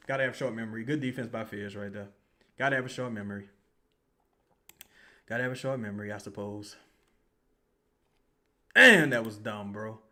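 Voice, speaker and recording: A man hosting a live basketball watch-along, reacting to plays with heated, profane commentary that swings from yelling to low muttering and repeats the same complaints.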